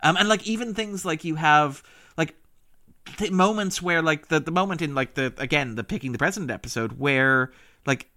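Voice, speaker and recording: An eager man riffs on a television drama in a loose podcast conversation. His voice sits a bit high and sounds bright and forceful. He laughs as he goes and slips into quick impressions of characters. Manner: fast, enthusiastic, laughs often. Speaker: podcast critic. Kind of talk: casual podcast discussion.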